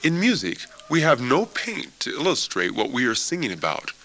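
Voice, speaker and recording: A man teaching a music lesson for children, with an expressive, playful way of explaining. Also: medium pitch, normal speed. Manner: expressive, playful, imitates chicken sounds. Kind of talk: classroom lesson narration.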